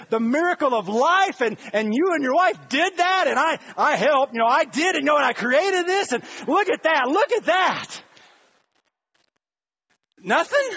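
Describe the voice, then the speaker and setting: A man's voice: very high voice, fairly bright tone, lo-fi sound, full character voice. A preacher voicing God as a let-down heavenly father. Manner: wry, pleading, with repeated rhetorical questions.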